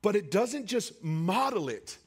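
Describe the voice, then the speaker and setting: A man preaching a sermon, telling a personal story with emotional swings between raised cries and hushed, quiet passages. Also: big pitch swings, unhurried, husky. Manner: emotional storytelling with sweeping highs and hushed lows.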